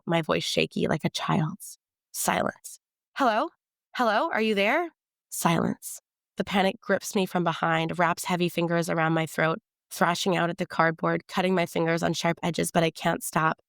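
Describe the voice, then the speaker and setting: A woman reading her novel aloud in the first person, in a measured, tense storytelling manner. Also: fairly low pitch, level tone, gravelly, dry recording, studio quality.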